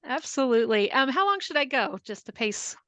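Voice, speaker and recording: A woman presents her research to an online class, explaining it in a steady, organized way. Her voice is fairly high, smooth and resonant. The sound is dry and close, as if she is on a video call. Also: brisk, dry recording. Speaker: guest presenter, online learning director.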